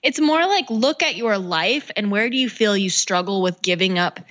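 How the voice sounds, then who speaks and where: A woman coach talking casually in an interview, animated and full of filler words, acting out quotes in little voices. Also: medium pitch, moderate pace, lo-fi sound. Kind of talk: podcast interview.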